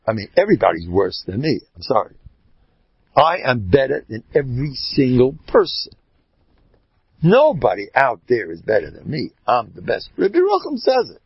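A man, giving an animated Torah lecture. His gravelly, husky voice swings widely in pitch as he tells stories. The recording is dry and dull, lo-fi. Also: moderate pace, no room sound. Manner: animated storyteller, jumps between Hebrew terms and English slang. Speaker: rabbi giving a class.

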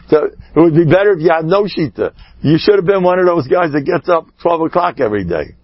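A rabbi giving an animated sermon, swinging between shouting and hushed asides, with Yiddish and Hebrew words woven in. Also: male voice, fairly high pitch, brisk, hardly any pauses, no room sound, highs cut off. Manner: peppers speech with Yiddish and Hebrew terms. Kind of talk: sermon storytelling.

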